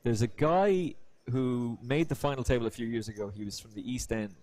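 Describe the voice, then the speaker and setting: Man, poker commentary, mid pitch, chatty, anecdote-heavy. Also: darkish tone, no room sound. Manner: chatty storyteller, quick to slip into voices.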